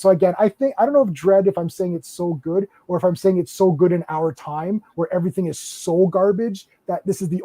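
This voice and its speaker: A man's voice: sits high, dark tone. A man in his forties hosting a casual film discussion. He rambles and repeats words as he searches for what to say. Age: 40s. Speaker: podcast host.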